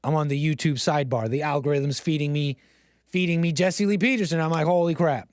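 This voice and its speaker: Male livestream host, rambling sarcastic commentary, slightly high voice, dry close mic. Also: brisk, no room sound. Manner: rambling, sarcastic, mocks others with exaggerated gasps.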